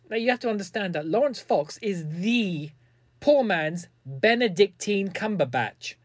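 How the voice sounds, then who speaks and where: Sarcastic man, lively voice. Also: high voice, normal speed, no room sound. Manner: sarcastic, mocking. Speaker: commentator. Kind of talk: comedic commentary monologue.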